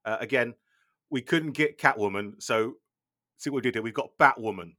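Rambling deadpan man, mid pitch. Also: moderate pace. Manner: rambling, deadpan, stumbling over words. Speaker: guest playing a film director. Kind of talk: comic chat in character.

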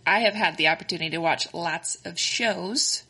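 A woman's voice: lowish voice, moderate pace, sharp tone, husky. A Texan woman co-hosting a casual chat, rambling along with lots of fillers and restarts. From Texas, United States. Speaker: podcast co-host.

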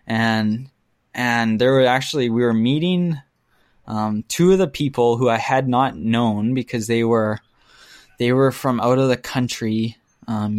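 A man's voice: medium pitch, no echo. Guy telling a story to a friend, laughs a lot, dry close sound. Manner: animated storytelling, acts out quotes, laughs often. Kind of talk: casual chat.

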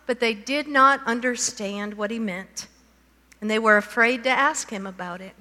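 A woman's voice: a little high, moderate pace, bright, forceful tone. A woman preaching a sermon, reading scripture aloud and asking her listeners questions. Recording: long hall reverb.

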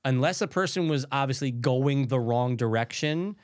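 A man's voice: medium pitch, moderate pace. A man co-hosting a casual chat, easygoing, agreeing often and cracking dry jokes.

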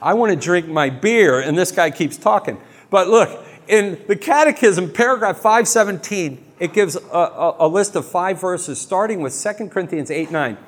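A man giving a lively, jokey talk to a live audience on faith, full of quick asides. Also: sits high. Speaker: Catholic speaker. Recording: long hall reverb.

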